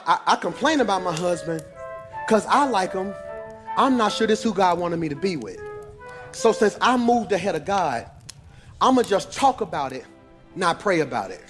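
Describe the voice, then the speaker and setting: A man's voice: extremely high pitch, a bit bright. A man preaching a sermon as pastor, moving into a sung cadence and calling out to the congregation.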